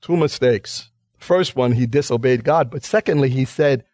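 A man's voice: medium pitch, normal speed, darkish tone, dry recording, clean studio sound. A male pastor preaching a radio sermon in an emphatic, dramatic way, acting out the lines he quotes.

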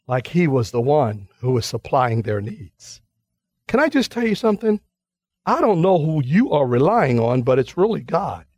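A man's voice: fairly high pitch, no room sound, studio quality. A male pastor preaching a radio sermon in an emphatic, dramatic way, acting out the lines he quotes.

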